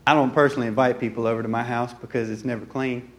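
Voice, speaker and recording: A man's voice: medium pitch, fairly even intonation, quick pace. A man, preaching a folksy, joking sermon in church and acting out everyday dialogue. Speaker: pastor. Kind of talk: conversational sermon. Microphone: handheld or stand mic.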